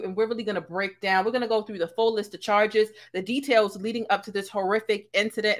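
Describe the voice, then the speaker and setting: A woman with a fairly high, somewhat bright voice hosts a casual commentary livestream. She talks to her viewers emphatically, using plenty of slang.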